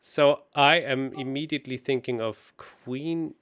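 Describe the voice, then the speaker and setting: Male co-host, mid-pitched, chatty, thinks aloud, laughs a lot. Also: a little slow, a bit bright. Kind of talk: casual chess chat.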